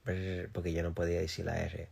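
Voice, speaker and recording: A man's voice: low voice, moderate pace, vocal fry, husky. A young man chatting casually on a phone live stream, joking, laughing often and reading comments, unable to roll his R's.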